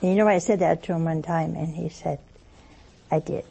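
A woman giving a sermon, mixing slow emphatic phrasing with humorous anecdotes. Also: deep voice, steady tone, gravelly, dark tone, husky. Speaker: religious speaker. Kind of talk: sermon with storytelling.

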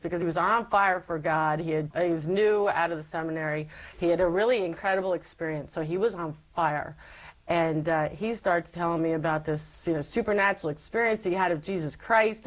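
A woman's voice: lowish voice, brisk, rough recording. A woman giving a personal faith testimony as an interview guest, telling her story animatedly and acting out past conversations. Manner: animated storyteller who acts out past dialogue.

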